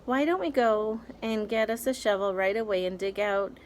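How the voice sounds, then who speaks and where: A woman reading aloud, voicing a loud, greedy older aunt who gushes and shouts. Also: medium pitch, moderate pace, a little hiss or hum, lightly acted. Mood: gleeful.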